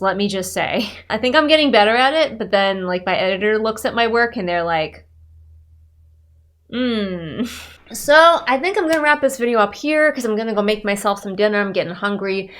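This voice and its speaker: A woman talks straight to her viewers in a loose, conversational vlog. She sounds candid and pokes fun at herself, at a middle pitch typical for a woman. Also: expressive, quick pace, a bit bright. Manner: candid, self-deprecating, conversational. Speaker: writer and developmental editor. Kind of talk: casual chatty vlog.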